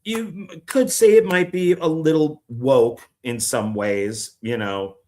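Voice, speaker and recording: A man's voice: a little high, steady tone, takes it slowly, darkish tone. A man chatting casually on camera about discs he bought, rambling and swearing, now and then mocking critics in a put-on voice. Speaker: filmmaker showing his disc purchases. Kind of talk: casual vlog chat.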